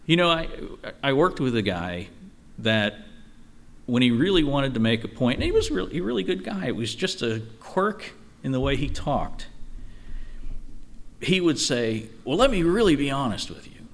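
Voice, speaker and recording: Male Bible teacher, casual study-group delivery, animated pitch, chatty asides between readings. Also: unhurried, vocal fry. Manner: conversational, lively, with frequent "you know" asides.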